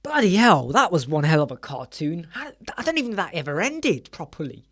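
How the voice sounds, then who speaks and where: Very animated and brisk, with a fairly bright, slightly high voice, a man in his forties hosts a web design live chat. It's casual and rambling, he jokes a lot, and he regularly interrupts himself mid-thought.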